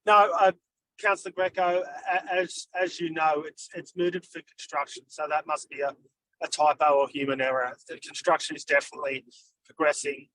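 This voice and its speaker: A man, a council staff member giving a quick, reassuring answer in an online meeting. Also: fairly high pitch, steady tone, fairly bright tone, low-quality recording. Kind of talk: answering a question in a webinar.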